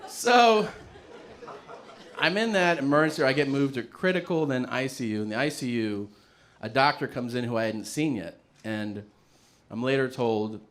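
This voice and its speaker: A man's voice: mid-range voice, normal speed, a bit bright. A man telling a story in a stand-up comedy set, casual and profane, often laughing as he talks.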